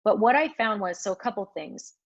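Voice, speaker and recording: A woman's voice: medium pitch, expressive, fairly quick, no echo. A woman co-creator of a web series, earnestly sharing her crowdfunding experience.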